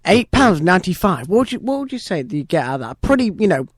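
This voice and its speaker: A man's voice: sits high, sing-song, quick pace, slightly rough, dry recording, studio quality. A teenage man, teasing his co-hosts in casual podcast chat. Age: teens. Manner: teasing, mocking. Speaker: podcast co-host. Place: recording studio.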